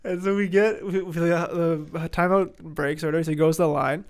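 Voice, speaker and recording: Young male podcast host, animated storyteller with a slightly high voice and a dry close sound. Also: brisk, no echo. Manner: animated, laughs often, acts out quotes. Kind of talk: casual storytelling chat.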